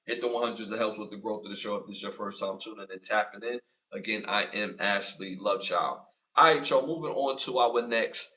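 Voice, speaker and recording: A man's voice: on the low side, fairly quick, far from the mic. A man hosting a live podcast, talking casually to his chat and repeating points for emphasis. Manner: animated, repeats himself, acts out arguments in raised voice. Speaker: podcast host. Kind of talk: casual live-stream commentary.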